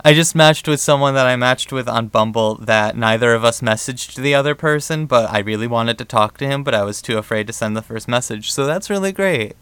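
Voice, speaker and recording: Bright, crisp young man chatting. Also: mid-range voice, a little fast, hardly any pauses, no room sound. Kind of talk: casual chat.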